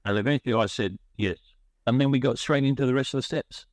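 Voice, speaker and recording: Middle-aged man, emotional and rambling storyteller, average pitch, dry close recording. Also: quick pace, no echo. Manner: rambling, emotional, frequent restarts. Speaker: guest sharing his recovery story. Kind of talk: personal storytelling.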